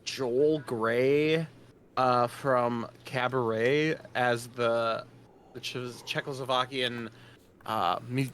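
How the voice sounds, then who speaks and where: A man's voice: medium pitch, steady tone, drawn-out words, a bit bright, slight background noise. A young man co-hosting a podcast, talking loosely and hesitantly with many "uh" fillers. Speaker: podcast co-host. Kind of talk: casual chat.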